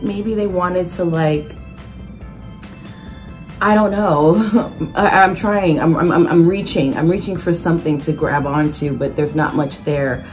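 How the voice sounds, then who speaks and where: A young woman vlogging in a casual, animated way, sarcastic and full of restarts. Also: fairly low pitch. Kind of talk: casual chat.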